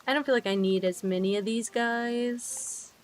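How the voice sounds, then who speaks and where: A woman's voice: on the high side, normal speed, soft background music, poor audio. A young woman streaming a game, chatting casually, sometimes swearing and cooing baby talk at her pets. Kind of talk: casual chat while playing a game.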